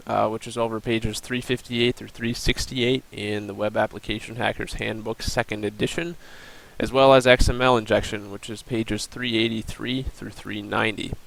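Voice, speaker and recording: A man's voice: mid-range voice, vocal fry, a bit bright, rough recording. A young man giving a recorded class presentation, plainly explaining and walking through a screen demo with the odd um and uh. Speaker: student presenter.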